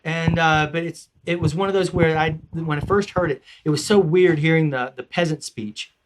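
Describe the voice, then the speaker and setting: A man with a Southern accent, a voice actor chatting as a guest in an animated, rambling way. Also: on the high side, moderate pace, noisy background. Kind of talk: casual interview chat.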